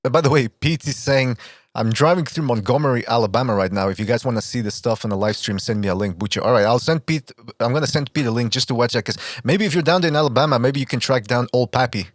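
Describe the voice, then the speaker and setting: A man's voice: medium pitch, fast, no echo, studio quality. A laughing, joking male podcast host. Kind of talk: casual chat.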